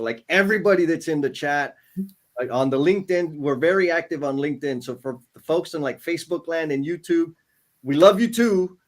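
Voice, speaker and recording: A man with a fairly high voice chats casually as co-host of a livestream. He reads viewer comments aloud and turns emotional, close to tears.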